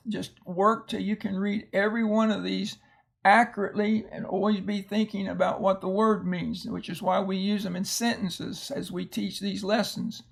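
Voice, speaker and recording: A man's voice: sits high, creaky, husky. A man teaching a phonics lesson, reading out a word list and explaining each word in a patient way with homely asides.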